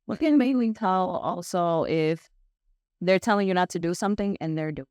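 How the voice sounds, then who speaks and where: Animated woman podcast host, dry sound. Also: on the low side, clean tone, dry recording. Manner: animated, emphatic, quick to laugh. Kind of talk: casual chat.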